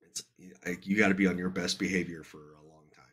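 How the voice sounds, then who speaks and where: A man's voice: sits low, quick pace, husky. A man casually telling a family story on a podcast, acting out the voices. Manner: animated, acts out every voice.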